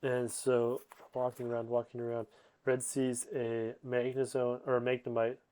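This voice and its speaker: Young guy rambling thru a sleepy summary, lots of ums, mid pitch. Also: completely flat delivery, moderate pace, dark tone. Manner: rambling, with fillers and self-corrections. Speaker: host.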